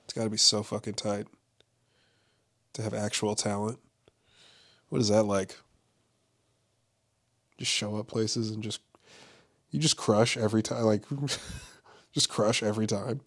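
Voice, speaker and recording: A young man holds forth in a loose, rambling monologue, his voice sitting a little on the low side. He swears freely and trips over restarts and fillers as he talks. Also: flat delivery, measured pace, long pauses, a bit bright. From Los Angeles. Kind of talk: casual monologue.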